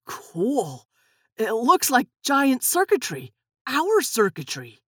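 A woman voicing an excited, brash teenage boy twin. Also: fairly high pitch, takes it slowly, breathy edge, dry recording, clean studio sound, heavily acted. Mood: awed.

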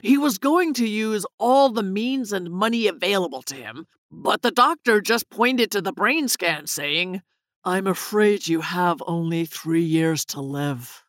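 A woman's voice: mid-range voice, lively intonation, a little slow, dry recording, natural voice. A woman voicing a fearful, evasive male scientist who backpedals as he talks. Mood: confiding. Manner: backpedaling, hesitant.

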